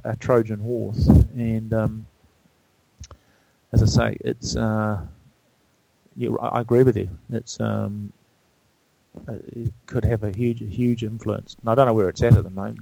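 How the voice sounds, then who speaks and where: Gravelly, halting man in a dry room. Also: on the low side, steady tone, mellow, dry recording, poor audio. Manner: halting, many restarts and fillers. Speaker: guest. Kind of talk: casual conversation.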